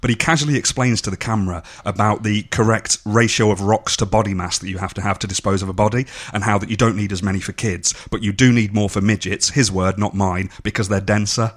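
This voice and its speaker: Deep, fast-talking man discussing films. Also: fairly even intonation. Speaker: podcast co-host. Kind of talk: casual film discussion.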